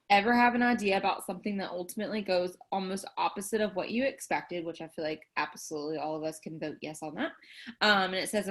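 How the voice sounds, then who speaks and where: A woman's voice: medium pitch, fairly bright tone. Brief: young woman, earnest devotional talk, chatty with filler words, video call sound. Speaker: team leader hosting a prayer call. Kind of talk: casual devotional talk, reading aloud.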